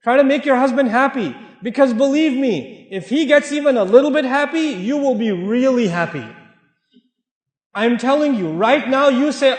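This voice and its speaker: A man's voice: very high voice, expressive, normal speed, darkish tone. A man giving a sermon to a live audience, direct and joking, repeating points for emphasis. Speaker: speaker giving a talk. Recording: echoey hall, long reverb.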